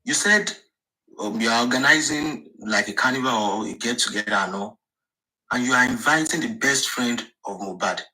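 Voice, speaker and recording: A man's voice: mid-range voice, normal speed, bright, forceful tone, rough recording. A man giving his opinion in a live discussion, earnest and emphatic, often repeating words. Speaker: participant in a live audio discussion.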